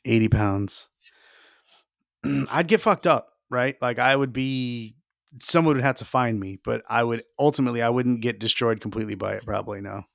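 A man's voice: mid-range voice, normal speed, gravelly, dry recording. Casting: a brash, boastful man co-hosting a podcast, swears a lot, dry close sound. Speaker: podcast co-host. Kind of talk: casual chat.

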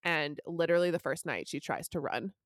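A young woman with a low voice talks through a story in loose, rambling podcast chat, leaning on "like" and casual swearing. The sound is dry and close. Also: brisk, no room sound. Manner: chatty, peppered with "like" and casual swearing. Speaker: podcast co-host. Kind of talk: casual book recap chat.

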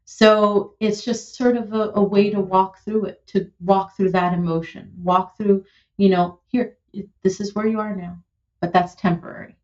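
A woman in her thirties, a musician being interviewed, talking in an animated, heartfelt way with lots of "like" and "you know". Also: mid-range voice, moderate pace, dull audio. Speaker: musician and producer, guest. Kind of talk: conversational interview.

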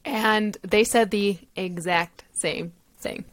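Animated young woman telling a story. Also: medium pitch, takes it slowly. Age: young adult. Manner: animated storyteller, acts out quoted dialogue; expressive, often laughing. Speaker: podcast co-host. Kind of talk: casual chat.

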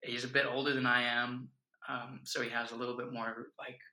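A man's voice: mid-range voice, level tone, brisk, sharp tone. A man in his twenties, a podcast guest, telling stories in an earnest, reflective way. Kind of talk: casual chat. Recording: echoey room.

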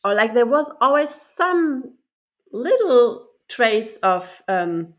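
A woman's voice: a little high, very animated, slow. A woman in casual conversation who hesitates, searches for her words and laughs often. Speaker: discussion participant.

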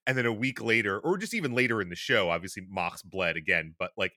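A man in his thirties co-hosting a podcast, talking in a casual, animated way and laughing often. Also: on the low side, fast talker, no echo, clean studio sound. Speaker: podcast co-host. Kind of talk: casual chat.

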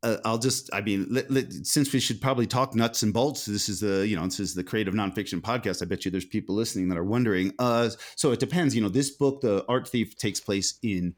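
An American man appears as an author guest in a conversational interview, speaking thoughtfully and often restarting and correcting himself. His voice is fairly low, and he talks fairly quickly with few pauses.

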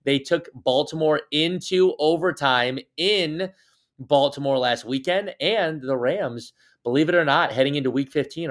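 A man's voice: mid-range voice, fairly bright tone. Playful man co-hosting a sports podcast. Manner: playful, teasing, jokey. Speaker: podcast co-host. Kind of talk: casual sports chat.

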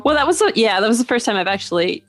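A woman's voice: on the high side, sing-song, rapid-fire, faint music behind. A woman talking tentatively as a player in a tabletop game. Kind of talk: casual chat.

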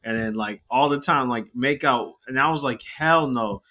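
A man's voice: mid-range voice, normal speed. A man in casual podcast chat, telling a club story with lots of swearing and quoted dialogue. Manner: animated storyteller, swears a lot.

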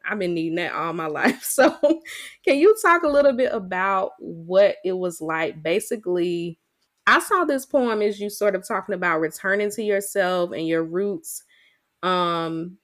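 Woman with a Southern US accent, lower pitch, earnest conversational interviewer. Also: animated, a little slow, a bit bright.

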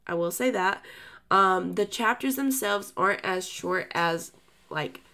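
A woman's voice: medium pitch, a little slow, bright, forceful tone. A woman co-hosting a book podcast, talking in a casual, chatty way full of fillers and restarts.

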